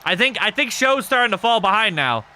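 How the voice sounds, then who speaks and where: A man hosting a live stream, giving casual commentary on a wrestling game with excitable, crude joking. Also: high voice, fairly quick, slight background noise. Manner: excitable, crude and joking, yelps at big moves.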